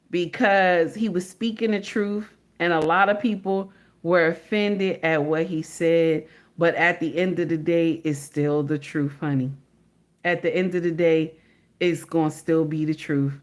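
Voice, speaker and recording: A middle-aged woman with a fairly low-pitched voice runs a reaction livestream, speaking in an emphatic, slangy, casual way and going over her points more than once.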